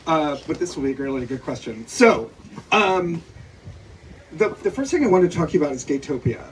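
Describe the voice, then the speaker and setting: A man's voice: fairly high pitch, sing-song, a little fast. A man interviewing an author at a bookstore event, asking prepared questions with many "um"s. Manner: hesitant, many "um" and "uh", reads notes aloud. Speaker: interviewer, comic book artist. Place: bookstore event before an audience. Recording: distant mic with faint noise.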